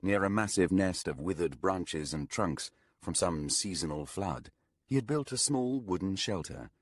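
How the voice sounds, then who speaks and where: A man reading a fantasy audiobook aloud in a measured, low-key narration. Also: animated, dry recording, studio quality. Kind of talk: scripted narration.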